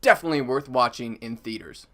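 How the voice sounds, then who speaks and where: A man's voice: medium pitch, lively intonation, quick pace, a bit bright, faint music behind. A young man giving a casual, chatty movie review, full of fillers.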